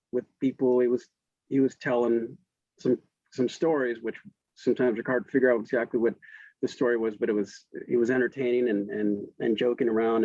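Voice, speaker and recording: A man's voice: medium pitch, darkish tone, no echo, lo-fi sound. A man in his fifties, a guest in an interview, telling a casual story with frequent restarts and laughs. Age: 50s.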